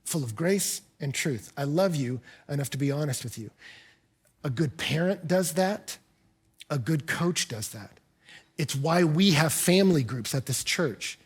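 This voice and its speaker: A man's voice: a little high, a little slow, breathy edge. A middle-aged man, a pastor, preaching a sermon and acting out the people in his stories. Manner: animated storyteller, acts out dialogue in quotes.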